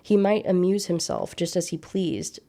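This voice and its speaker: A woman reading aloud the mocking lines of a selfish, dismissive Victorian husband in her own low, mellow voice. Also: sing-song, normal speed, vocal fry.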